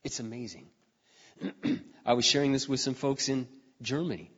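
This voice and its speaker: A middle-aged man preaching in a large hall, his voice trailing off into a long reverb. He tells his story earnestly, clears his throat often, and now and then surges into fervent cries. The recording sounds slightly dull and muffled. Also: mid-range voice, expressive, moderate pace, a bit bright. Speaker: pastor. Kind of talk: sermon.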